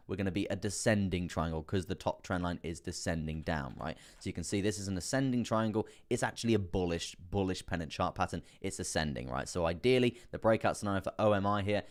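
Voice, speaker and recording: Young male streamer, deep low voice, laid-back rambling chart talk to his viewers. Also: quick pace, few pauses. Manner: chatty, fillers, repeats phrases, addresses viewers as guys and man. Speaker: crypto live stream host. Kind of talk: casual live chart analysis.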